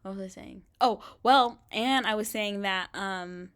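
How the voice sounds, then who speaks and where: A woman's voice: mid-range voice, measured pace, fairly bright tone, smooth. Young female vlogger, talkative, loose and filler-heavy, recorded in a bedroom. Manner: chatty, frequent "like" fillers, laughs often. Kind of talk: casual rambling vlog. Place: bedroom in an apartment.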